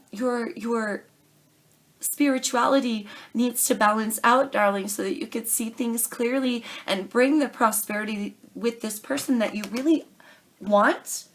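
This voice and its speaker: A woman's voice: a little high, a little slow. Earnest woman giving a tarot reading. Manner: earnest, pleading, calls viewers darling and baby. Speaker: tarot reader. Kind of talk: casual tarot reading to camera.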